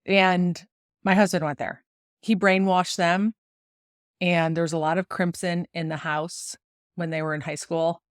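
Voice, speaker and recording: A woman in her forties from the United States, hosting a solo podcast and telling stories in a chatty, lively way with frequent laughs. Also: fairly low pitch, dry recording, studio quality. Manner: chatty, animated storytelling with laughs. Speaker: podcast host and golf coach.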